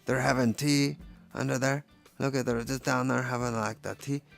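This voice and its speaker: A man with a gravelly, creaky voice at a middle pitch, chatting in a loose, jokey ramble about his own paintings. Faint music plays behind him. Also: steady tone, moderate pace. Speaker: painter showing his work. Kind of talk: casual commentary.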